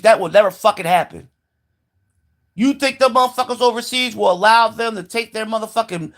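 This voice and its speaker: A man's voice: high-pitched, fairly bright tone. A man ranting angrily about politics and jobs, swearing freely and slipping into mocking quoted voices of other people. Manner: profane, heated, talks in quoted voices. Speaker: video commentator. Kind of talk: angry political rant.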